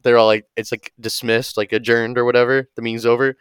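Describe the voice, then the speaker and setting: A man co-hosting a comedy podcast, telling sketch ideas in a rambling, animated way and swearing a lot. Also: medium pitch, fast, clear, resonant tone, no room sound. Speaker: podcast co-host. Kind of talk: casual comedic storytelling.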